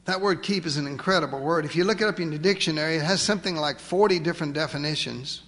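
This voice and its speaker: A man preaching a sermon, emphatic, asking rhetorical questions and slowing down to stress key words. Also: a little high, a bit bright, long reverb tail. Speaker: pastor.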